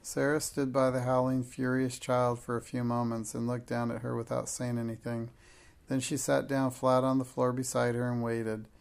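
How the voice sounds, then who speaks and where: A man narrating a storybook in a measured, even manner. His voice sits at a middling pitch with a gravelly, creaky texture. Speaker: audiobook narrator.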